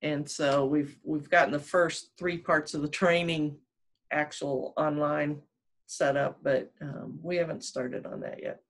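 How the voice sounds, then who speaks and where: A woman's voice: low voice, steady tone, unhurried. A woman trainer as a guest on a video call, speaking hesitantly and searching for words, with many ums. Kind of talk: casual video-call interview.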